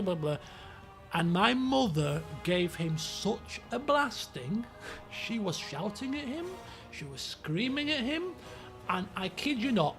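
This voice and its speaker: Animated man with a high, gravelly voice. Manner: animated, rambling anecdotes with acted-out quotes. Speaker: streamer. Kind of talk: casual storytelling on a live stream.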